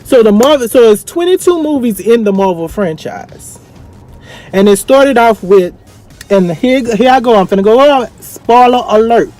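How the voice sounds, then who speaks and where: A young man with speech giving an effusive, dramatic casual vlog review, swinging from excited highs to quiet asides. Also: normal speed. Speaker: vlogger reviewing a film. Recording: faint music behind.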